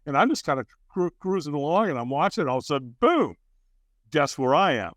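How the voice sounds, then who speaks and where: A man guesting on a podcast, telling his story with a lively, wide-ranging voice pitched slightly high. He slips into the other characters' lines with sudden jumps in pitch. The sound is close and dry, with no room in it. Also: fast talker, no room sound. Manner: acts out dialogue with big jumps in pitch. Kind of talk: animated storytelling.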